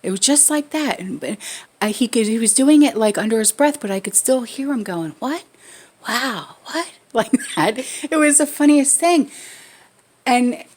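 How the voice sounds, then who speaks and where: A woman's voice: on the high side, animated, moderate pace, a little mellow. A woman in her forties chatting casually in a pantry vlog from her home kitchen, often checking in with the viewer. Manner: chatty, keeps checking in with "okay?". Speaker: vlogger. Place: home kitchen, cooking while talking.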